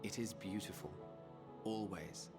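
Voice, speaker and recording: Serene ancient sage played by a man, slightly low, reverent and measured, for a game scene. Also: natural voice. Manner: measured, archaic, reverent speech. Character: solemn, serene ancient male scholar. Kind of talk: video game voice acting. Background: game score music.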